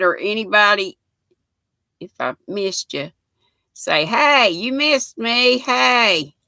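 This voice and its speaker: Older North Carolina woman, Southern accent, livestream host; bright and gravelly, folksy. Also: mid-range voice, no echo. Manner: chatty, folksy, greets viewers by name. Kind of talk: casual livestream chat reading comments.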